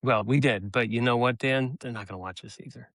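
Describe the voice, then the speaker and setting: A man co-hosting a casual podcast chat, talking in a relaxed, measured way with many fillers. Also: mid-range voice, dry recording, studio quality. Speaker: co-host.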